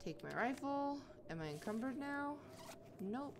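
A young woman hosting a let's-play, chatting through a survival game and getting loud and frantic when she gets stuck. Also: high-pitched, big pitch swings, unhurried, a little hiss or hum. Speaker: gaming channel host.

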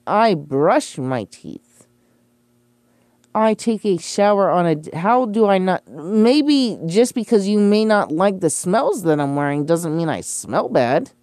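A woman's voice: medium pitch, lively intonation, takes it slowly, a little mellow, dry recording. A young woman ranting about accusations made against her, profane, defensive and sarcastic, with scoffing laughs. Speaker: streamer responding to accusations. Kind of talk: casual ranting monologue.

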